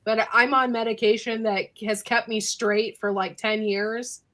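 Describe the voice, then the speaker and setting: Bright-voiced, animated American woman. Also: on the high side, unhurried. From United States. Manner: animated, laughs often. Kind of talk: casual chat.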